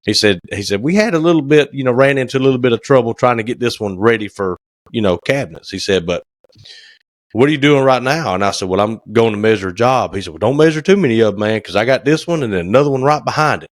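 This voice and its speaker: Expressive and quick, a man with a mid-range voice co-hosts a laid-back podcast, telling folksy stories and acting out phone calls. He's a cabinet maker, and the recording is clean studio sound with no room noise.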